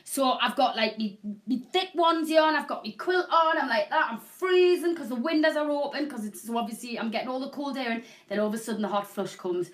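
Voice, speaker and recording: Woman, middle-aged, shopping channel host, talkative, rambling, slightly high pitch. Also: lively intonation, brisk. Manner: chatty, rambling, self-deprecating. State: having a hot flush. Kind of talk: live selling chat.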